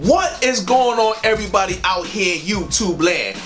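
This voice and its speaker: A man hosting a gaming channel, ranting angrily with lots of cursing, loud outbursts and drawn-out sing-song emphasis. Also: sits high, animated. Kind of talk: profane ranting vlog. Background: music.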